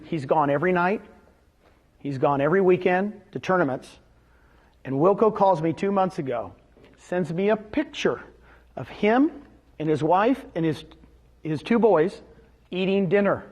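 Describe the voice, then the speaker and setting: A middle-aged man with a rather high, husky voice speaks to a live audience. He gives a motivational sales talk and keeps the energy up. He quizzes the room with rhetorical questions. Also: a little mellow. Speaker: seminar speaker.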